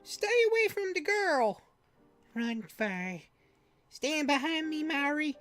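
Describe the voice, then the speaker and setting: Woman playing a young boy hero, high-pitched, melodramatic, faint music behind. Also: big pitch swings, slow, a bit bright, heavily acted. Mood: protective.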